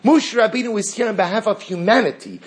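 A man teaching a Talmud class in an animated way, acting out the exchanges he reads and asking rhetorical questions. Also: high-pitched, fast, slightly rough.

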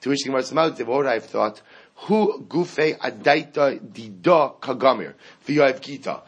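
A man teaching a Talmud class, animated, acting out the quoted speakers as he explains each case. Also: medium pitch, moderate pace, husky, lo-fi sound. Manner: animated, acts out quoted speakers, mixes Aramaic terms into English.

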